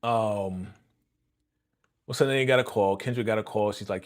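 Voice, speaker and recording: A man hosting a live reaction stream, excitedly retelling a TV episode in slangy, chuckling casual talk. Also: fairly low pitch, brisk.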